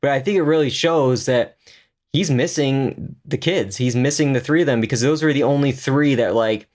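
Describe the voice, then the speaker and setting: Guy on a tv podcast, talking excitedly w lots of ums and restarts, middle-pitched voice. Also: moderate pace. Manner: chatty, enthusiastic, many fillers and restarts. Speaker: podcast co-host. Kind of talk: casual TV review chat.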